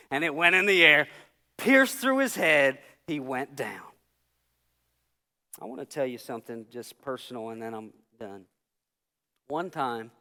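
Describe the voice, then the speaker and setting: Pastor guy preaching, high bright voice, big echoey church, goes from quiet to yelling in his story. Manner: storytelling, swings from hushed to shouting. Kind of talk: sermon. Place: church sanctuary. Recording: long church hall reverb.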